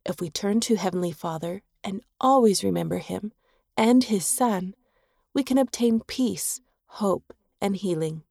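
A woman narrates a devotional story in a calm, measured reading voice. Her tone is soft and mellow, and the sound is close and dry. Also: mid-range voice, gravelly, no room sound. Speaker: reader.

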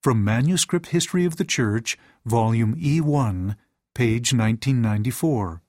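A man reading lesson material and quotations aloud in an even, measured way. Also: medium pitch, dry recording, studio quality. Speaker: reader of a teaching manual.

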